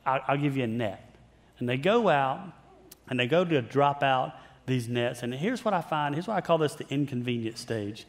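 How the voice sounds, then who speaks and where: A man's voice: medium pitch, lively intonation, normal speed. A man preaching a sermon as pastor, telling the story conversationally, repeating phrases for emphasis and acting out the characters' lines. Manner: conversational storytelling with playful put-on voices.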